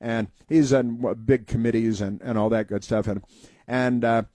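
A man's voice: medium pitch, flat delivery, normal speed, mellow, no room sound. A man hosting a talk show, telling rambling folksy stories and giving opinionated commentary.

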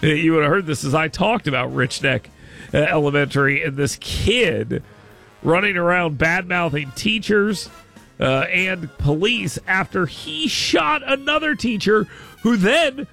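A man hosting a casual news commentary show, animated and quick to exclaim, restarting his sentences often. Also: sits high, vocal fry, soft background music. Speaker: show host.

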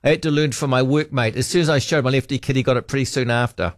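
Rambling New radio host, dry sound. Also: male voice, mid-range voice, fairly even intonation, fast, no room sound. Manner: rambling, hesitant, trails off with ums. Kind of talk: casual talkback chat, reading listener texts.

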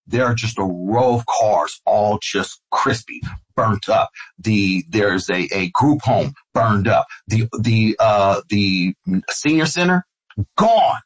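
A middle-aged man, a radio host being interviewed, takes his time telling a personal story in conversation and plays out the voices of those in it. His voice sits on the low side, and the audio quality is poor.

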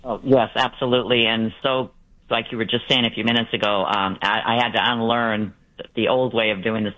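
A man's voice: fairly low pitch, flat delivery, a little fast, pushed and bright. A man calling in to a show, speaking hesitantly with many fillers. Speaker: caller. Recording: muffled phone line.

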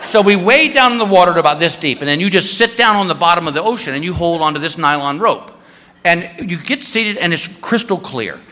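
A male comedian spins a story on stage with a high, bright voice. He is loud and animated, yelping and shouting as he acts out his bits. The sound carries the long reverb of a large hall. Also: fairly quick, a little hiss or hum. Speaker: stand-up comedian. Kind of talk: stand-up storytelling. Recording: live show in a hall with reverb.

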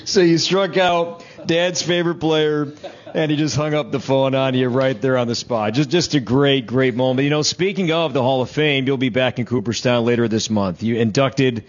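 A male interview host asks friendly, steady questions and steers his guest toward stories. His voice is mid-pitched and even. The recording sounds a little dull. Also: normal speed. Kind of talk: broadcast interview. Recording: slightly dull, muffled audio.

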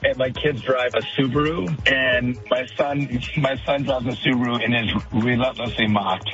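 A man who is a guest on a radio show, talking in a halting, stammering but good-humored way. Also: mid-range voice, fairly even intonation, muffled recording, music in the background. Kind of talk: casual radio interview.

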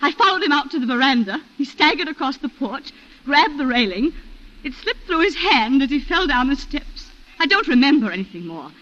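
An actress playing a refined colonial wife who tearfully recounts a shooting, in a 1940s radio drama style. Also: female voice, high-pitched, sing-song, fairly quick, fairly bright tone. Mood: distraught. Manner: breathless, emotional, refined. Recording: muffled old radio recording.

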